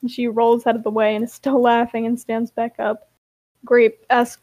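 A woman's voice: a little high, little pitch movement, moderate pace, darkish tone, no echo. A woman co-hosting a podcast, reading a roleplay aloud in a tired, amused way, laughing often. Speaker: podcast co-host.

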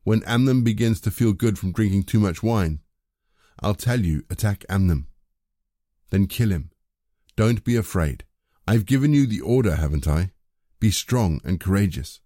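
A man's voice: lowish voice, lively intonation, moderate pace, warm tone, dry recording, clean studio sound. A man reading as a scheming young prince. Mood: commanding.

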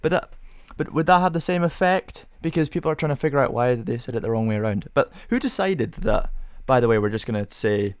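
A man's voice: medium pitch, expressive, fairly quick, hardly any pauses, clear, resonant tone, dry recording. Rambling young man musing solo. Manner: rambling, rhetorical questions, self-amused. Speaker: podcast host. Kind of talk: casual solo podcast musing.

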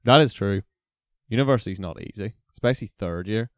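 A university student in his twenties with a lowish voice tells stories briskly in casual chat, leaning heavily on "like" and "basically." He's an animated storyteller, and the recording is dry and studio-clean.

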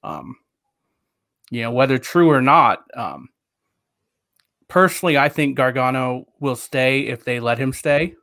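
A man's voice: medium pitch, expressive, unhurried, long pauses, sharp tone, no echo, studio quality. A man co-hosting a podcast in casual chat, rambling and hedging with lots of fillers. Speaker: podcast co-host.

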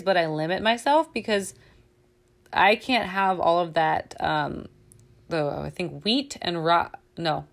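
Woman, host, casual motivational chat, candid, chatty, swears freely, laughs often, mid-pitched voice.

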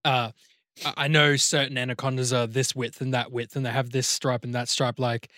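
Australian male podcast co-host, mid-pitched, rambling and laid-back, dry close sound. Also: moderate pace, no room sound. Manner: rambling, relaxed, swears casually. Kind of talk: casual chat.

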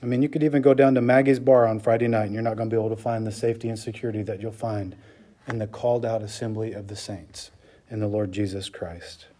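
Mellow-voiced man preaching a sermon. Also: on the low side, level tone, fast talker. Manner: emphatic preaching, frequent "okay?" and "right?" checks. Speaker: pastor.

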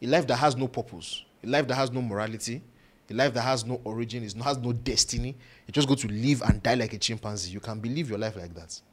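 A man's voice: mid-range voice, quick pace. A man preaching a sermon, playfully mimicking doubters and putting questions to his listeners. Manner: animated, mimics doubters in playful voices, asks the audience questions.

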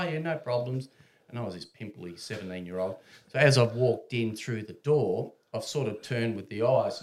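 A man's voice: on the low side, slight background noise. A man telling a casual anecdote, acting out voices and chuckling mid-sentence. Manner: animated, acts out voices, laughs mid-sentence. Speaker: storyteller.

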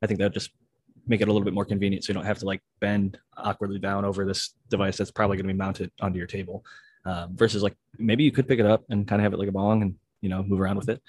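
A man's voice: fairly low pitch, a little mellow, slightly rough, no echo. A man hosting a casual group chat on a video call, talking in a laid-back, rambling way. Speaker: host.

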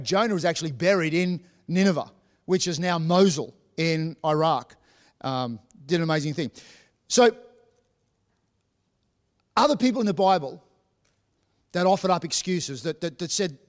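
A man with a high voice preaching a sermon to his congregation. He stumbles and repeats words as he restarts his sentences. Now and then he acts out what the Bible figures say. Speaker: pastor.

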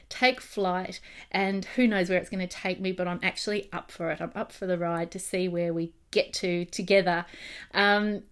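An Australian woman talks through a podcast intro in a chatty, upbeat way, with frequent ums and small restarts. Her voice sits at an ordinary middle pitch and she sounds a touch nervous. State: a little nervous. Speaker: podcast host, psychologist. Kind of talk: casual monologue, podcast intro. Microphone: streamed live while recording audio.

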